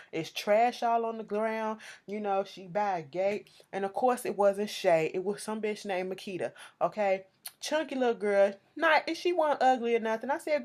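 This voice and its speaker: A woman giving a casual, profane TV recap, sassy and animated, talking straight to her viewers. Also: mid-range voice. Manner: sassy, animated, swears freely, addresses viewers directly. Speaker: TV show recapper.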